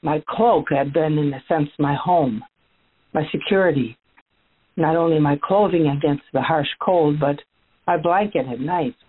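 A woman's voice: low voice, unhurried, husky. Bartimaeus, earnest healed blind beggar, voiced by a woman. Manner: earnest storytelling, addresses listeners directly. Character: formerly blind male beggar, earnest and grateful. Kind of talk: first-person dramatic monologue. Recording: tinny phone-like audio.

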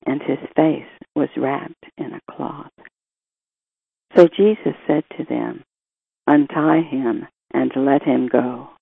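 A priest reading the gospel and giving a measured, reflective homily that quotes scripture and scholars. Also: male voice, fairly high pitch, gravelly, slightly rough, no echo. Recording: tinny phone-like sound, dry.

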